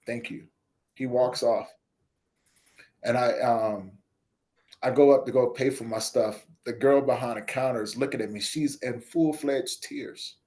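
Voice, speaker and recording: A man guesting on an interview show, telling a personal story in casual chat and acting out the other people's lines. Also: unhurried. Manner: animated storyteller, acts out dialogue with voice shifts; drops soft and low when quoting others. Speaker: podcast guest, nonprofit founder.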